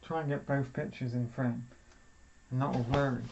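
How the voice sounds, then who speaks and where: A man's voice: mid-range voice, steady tone, moderate pace, gravelly, darkish tone, highs cut off, a little hiss or hum. A man casually chatting as he unboxes vinyl records, thinking aloud and poking fun at himself.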